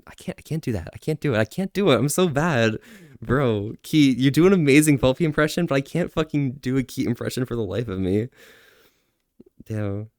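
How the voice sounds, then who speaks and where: A man's voice: mid-range voice, expressive, fairly quick, darkish tone, no room sound. A young man livestreaming and chatting casually with viewers. He rambles energetically and laughs at himself. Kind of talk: casual live-stream chat.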